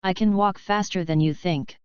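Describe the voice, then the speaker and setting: A woman reading the gentle lines of a calm, loving old grandmother in a storybook. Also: medium pitch, normal speed, smooth, dry recording, highs cut off, lightly acted. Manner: gentle, plain read-aloud quotes.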